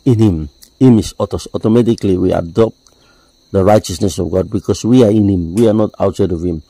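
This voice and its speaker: Low mellow guy preaching, dry sound, keeps saying you see. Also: slight background noise, low-quality recording. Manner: explains with repeated "you see", deliberate phrasing. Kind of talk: sermon.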